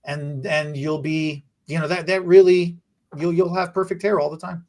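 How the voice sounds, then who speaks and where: Male co-host, high-pitched, relaxed and joking. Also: normal speed. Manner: laid-back, joking, wraps up with direct address to viewers. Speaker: hairstylist co-host. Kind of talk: casual chat.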